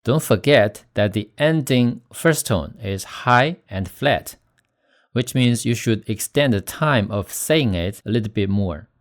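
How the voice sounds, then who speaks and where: Slow, deliberate male Chinese teacher. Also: on the low side, lively intonation. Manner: slow, deliberate, demonstrating tones with stressed syllables. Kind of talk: scripted language lesson.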